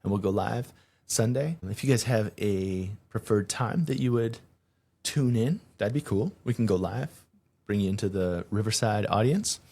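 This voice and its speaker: A man hosting his own podcast, talking through a casual solo monologue with an energetic, conversational manner. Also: fairly low pitch, moderate pace, vocal fry, breathy edge. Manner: energetic, conversational, hype greetings. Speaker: podcast host.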